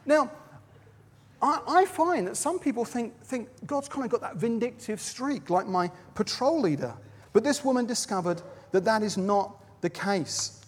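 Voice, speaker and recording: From a platform in a large venue, a high-voiced man delivers a sermon at a baptism service. He recounts Bible stories with flair, quoting dramatically and letting his volume rise and fall, his delivery animated, unhurried and slightly rough. A long hall reverb trails his words.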